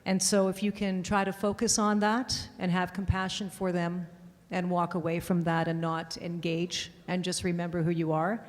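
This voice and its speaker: A woman's voice: lowish voice, little pitch movement, normal speed, hardly any pauses. A woman on a convention panel answering thoughtfully and earnestly, recorded in a reverberant hall. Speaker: voice actress on a panel.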